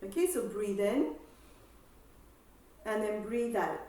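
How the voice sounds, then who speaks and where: A woman exercise instructor calmly guiding a seated breathing class, with slow breath cues and counting. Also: medium pitch. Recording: echoey room, voice from far off.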